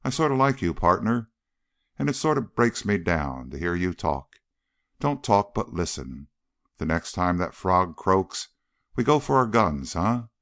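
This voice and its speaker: A man voicing a huge, simple, calm young mountain man who talks in a plain, blunt backwoods drawl for an audiobook. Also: sits low, a little slow, dry recording, clean studio sound, heavily acted. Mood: pained. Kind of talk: audiobook character reading.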